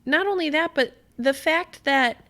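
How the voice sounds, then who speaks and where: A woman's voice: high voice, unhurried, a bit bright. A woman hosting a podcast in casual discussion, talking earnestly and passionately, with frequent swearing. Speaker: podcast host.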